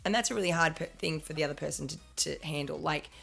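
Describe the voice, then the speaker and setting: Casting: low-voiced woman with vocal fry, loose rambling stream co-host. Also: quick pace, a bit bright, faint music behind. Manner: rambling, restarts and swears while making a point. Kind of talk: casual chat on a live stream.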